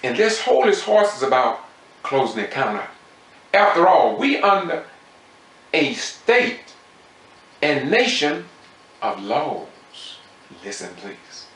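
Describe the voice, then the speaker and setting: Impassioned man, bright, echoey room. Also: on the high side, big pitch swings, slow, pauses often. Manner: impassioned, repetitive, preacher-like emphasis. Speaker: citizen news commentator. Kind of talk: emotional commentary over meeting footage.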